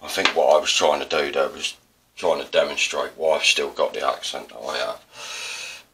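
Low bright-voiced man with an Essex accent. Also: fairly even intonation, moderate pace, far from the mic, slight background noise. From Essex, South East England. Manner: rambling, self-deprecating, digressive. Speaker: artist demonstrating printmaking. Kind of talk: casual tutorial narration.

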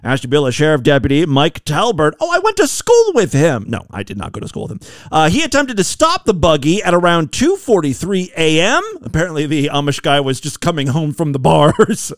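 A man's voice: on the high side, no room sound, clean studio sound. A man from Ohio hosting a podcast, giving sarcastic, joking commentary on a news clip. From Ohio, USA. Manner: sarcastic, jokey asides. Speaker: podcast host.

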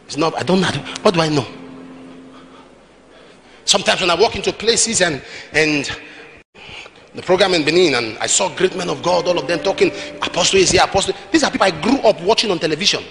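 A man with a Nigerian accent preaching a sermon, telling stories animatedly with bursts of shouting. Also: high-pitched, animated, a little fast, pauses often, slight background noise. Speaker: apostle, preacher.

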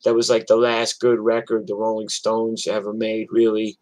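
On a livestream, an older New York man rambles through profane stories in casual chat, often restarting his sentences. His voice is on the low side and darkish, delivered completely flat at normal speed, in a dry, low-quality recording.

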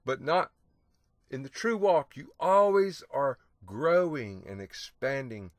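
A radio Bible teacher with a medium-pitched voice and lively intonation reads scripture aloud, dwelling slowly and emphatically on its old wording. He exclaims hallelujah and asks a rhetorical "see?" along the way, captured in a dry recording.

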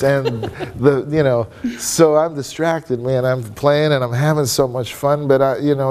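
A man's voice: mid-range voice, darkish tone. A man speaking as a guest trumpet player in a casual panel discussion, talking in a loose, candid way. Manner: loose and candid, peppered with "you know" and "man". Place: conference room before an audience.

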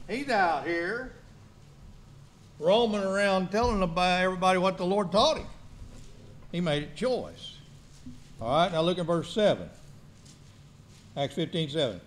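Male preacher, high voice, homespun joking sermon, slight background noise. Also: lively intonation, unhurried, long pauses, fairly bright tone. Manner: folksy, joking, quizzes the congregation. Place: church.

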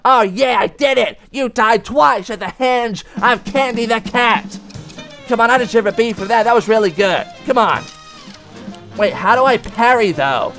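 A man voicing an excitable male cat, commenting on a game, yelping and talking back to the bosses. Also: very high-pitched, normal speed, faint music behind. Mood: excited. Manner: yelps and screams, talks to the bosses. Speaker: let's play gamer.

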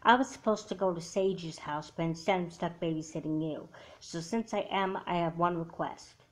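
A woman's voice: fairly low pitch, moderate pace, lightly acted. A woman voicing a grumpy, resentful big-sister girl in a homemade doll movie, talking in a snappy, dismissive way. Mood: annoyed. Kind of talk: home doll-movie voice acting.

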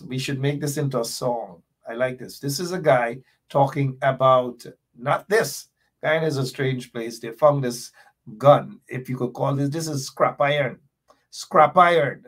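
A man hosting a political talk show, rambling and jokey, with animated outbursts. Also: mid-range voice. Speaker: radio talk show host.

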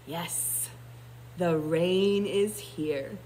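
A woman puts on a calm, contented lion from a children's storybook, purring low and slow. The voice drops beneath her usual lively register and takes its time over each line. A faint hum sits under the recording.

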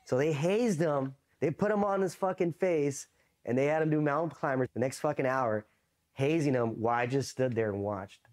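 Male Marine veteran from East LA, mid-pitched, loose profane storyteller, leans on "you know" and "right?" in casual interview talk. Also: normal speed, a little mellow. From East Los Angeles.

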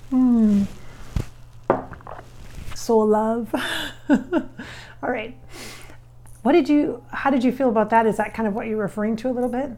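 A woman's voice: a little high, takes it slowly, pauses often, warm tone, slight background noise. A woman working as a psychic medium, talking through a channeling session in a chatty, rambling way. She often corrects herself as she goes.

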